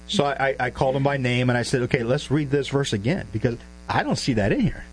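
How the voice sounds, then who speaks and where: A man's voice: mid-range voice, lively intonation, brisk, a little hiss or hum, rough recording. A man preaching an expository Bible lesson, emphatic and throwing rhetorical questions at the listeners.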